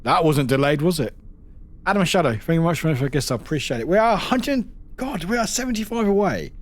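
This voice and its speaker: A man streaming a game live, excitable and swearing freely as he chats back to his viewers. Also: on the high side, brisk. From United Kingdom.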